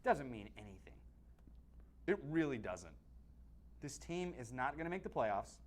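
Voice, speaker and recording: A man's voice: medium pitch, sing-song, a little slow. A man co-hosting a sports webcast, giving blunt opinions on football in casual talk that is full of restarts. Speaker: sports analyst co-host.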